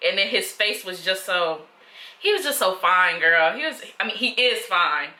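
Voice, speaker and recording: Chatty, bright-voiced woman in an echoey room. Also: medium pitch, lively intonation, unhurried. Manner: chatty, opinionated, addresses viewers as "girl". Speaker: reaction vlogger. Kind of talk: casual reaction commentary.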